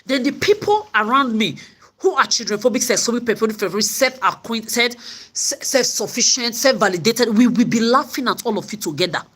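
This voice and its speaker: A woman's voice: a little high, lively intonation, brisk, fairly bright tone, slightly rough. Woman ranting angrily with stammers. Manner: profane, repetitive stammering. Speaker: vlogger. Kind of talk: angry personal rant.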